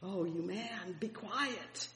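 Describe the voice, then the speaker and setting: A preacher voicing an exasperated crowd hushing a blind beggar, in an echoey hall. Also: mid-range voice, takes it slowly, slight background noise. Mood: scolding. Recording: echoey hall with long reverb.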